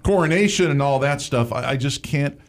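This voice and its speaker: A man's voice: mid-range voice, expressive, brisk. A man co-hosting a talk radio show, speaking emphatically and with strong opinions. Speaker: radio co-host.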